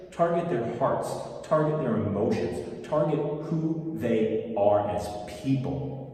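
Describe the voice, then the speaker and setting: A man teaching business in a casual motivational style, energetic and playful, often repeating key words. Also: medium pitch. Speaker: business coach. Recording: echoey room, far from the mic.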